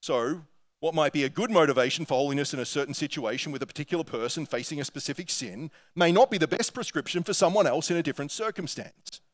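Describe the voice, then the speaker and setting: An Australian man delivers a sermon in a slightly raised pitch. He speaks earnestly but conversationally, like a pastor talking things through with his congregation. When he reads quotations aloud, he keeps the same sincere, measured tone.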